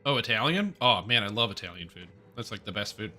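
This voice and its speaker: A man's voice: fairly low pitch, lively intonation, quick pace, sharp tone, soft background music. A young man streaming a game, chatting casually and rambling as he jokes and answers chat. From Canada.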